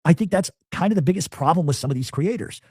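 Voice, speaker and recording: A middle-aged man hosting a podcast, telling stories in a profane, animated casual chat. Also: fairly high pitch, fast, husky, dry recording, studio quality. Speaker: podcast host.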